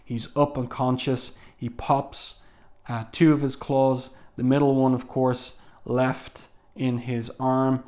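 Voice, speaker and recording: Casual male comic reviewer, relaxed, talks through panels with ums. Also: mid-range voice, takes it slowly. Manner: walks through panels, reads dialogue aloud, frequent ums.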